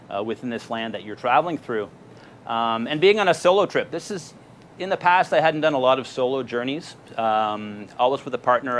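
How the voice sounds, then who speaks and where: A man's voice: medium pitch, slight background noise. A middle-aged Canadian man giving a casual talk to an audience, telling stories with lots of fillers. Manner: casual storytelling with many fillers. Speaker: presenter. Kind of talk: live talk with slides. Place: marina event space with audience.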